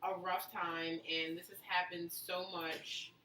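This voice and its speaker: A woman hosting a casual chat show, talking in chatty, quick bursts. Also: lowish voice, flat delivery, sharp tone. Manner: chatty, quick bursts, playful voices for quotes. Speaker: host. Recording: echoey room, mic far off, faint noise.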